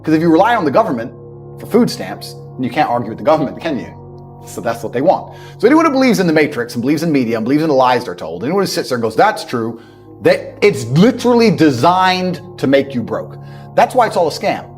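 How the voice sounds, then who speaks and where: Brash British man, podcast guest, rapid lively delivery, faint music behind. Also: high-pitched. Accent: British English. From England. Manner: brash, profane, emphatic. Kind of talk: blunt storytelling and ranting.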